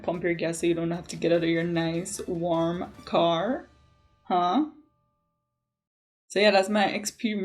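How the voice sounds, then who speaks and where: Animated Jamaican woman telling stories. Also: lowish voice. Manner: animated, emphatic, frequent "like". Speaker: beauty vlogger. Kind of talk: casual chatty storytelling.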